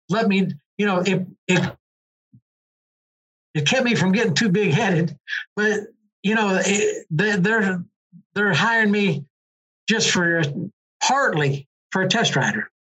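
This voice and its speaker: A man's voice: high-pitched, slow, long pauses, fairly bright tone, slightly rough. An older man, a former motorcycle racer telling stories in a rambling, casual way. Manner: rambling storyteller, many restarts and fillers. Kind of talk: casual conversation. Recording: dull lo-fi recording.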